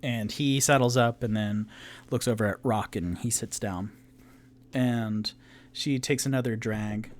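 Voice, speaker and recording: A man running a tabletop game as its game master, talking slowly. He describes scenes in a relaxed, casual way, with plenty of "like" and "um". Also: fairly low pitch, slight background noise. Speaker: game master and solo player.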